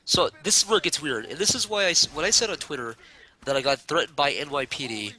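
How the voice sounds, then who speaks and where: Young male streamer, fast, bright, forceful delivery, rambling storyteller. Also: fairly high pitch. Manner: rambling, exasperated anecdote with acted quotes. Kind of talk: casual storytelling.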